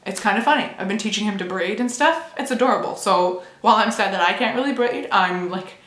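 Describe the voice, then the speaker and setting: A woman's voice: mid-range voice, fairly quick, fairly bright tone. A young woman vlogging casually to camera at home, candid and chatty, with playful sound effects. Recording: echoey room.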